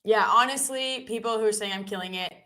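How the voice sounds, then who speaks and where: A woman hosting a live trading stream, chatty and joking with quick asides. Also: mid-range voice, sharp tone. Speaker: live-stream host trader. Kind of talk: casual live-stream chat.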